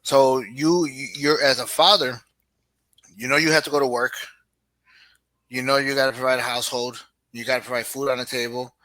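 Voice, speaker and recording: A man's voice: medium pitch, normal speed, pauses often, no echo. A middle-aged man co-hosting a casual podcast chat, telling stories animatedly and acting out what his kids say. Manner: animated storytelling, acts out family quotes. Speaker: podcast co-host.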